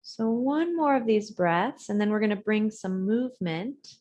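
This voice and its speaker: Woman gently guiding a breathing practice. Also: mid-range voice, lively intonation. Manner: gentle, measured cues with soft trailing words. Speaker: yoga instructor. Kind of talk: guided breathing and yoga instruction. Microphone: video call.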